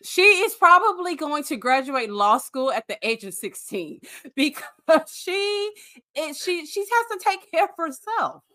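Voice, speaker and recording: A woman's voice: high voice, very animated, a little slow, pushed and bright. A woman guest on a podcast, chatting casually with blunt, sarcastic commentary. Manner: blunt, sarcastic trash-talk. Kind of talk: casual recap chat.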